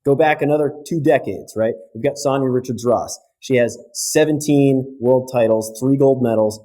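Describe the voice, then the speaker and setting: A man, a physiotherapist guest on a podcast, explaining breathing in an energetic, casual way and often checking in with "right?". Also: mid-range voice, moderate pace. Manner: energetic, keeps tagging points with "right?".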